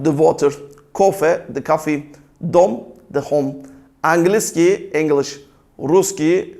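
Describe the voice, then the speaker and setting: A man giving a scripted language lesson, calmly reciting word pairs one by one with their meanings and then explaining grammar in a steady, deliberate manner. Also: on the high side. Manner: calm explanatory delivery. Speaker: language teacher.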